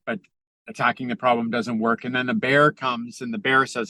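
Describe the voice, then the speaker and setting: A middle-aged man speaking as a podcast guest over a video call, earnest and halting, with many fillers and restarts. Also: medium pitch, little pitch movement, sharp tone, no room sound. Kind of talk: reflective conversational talk.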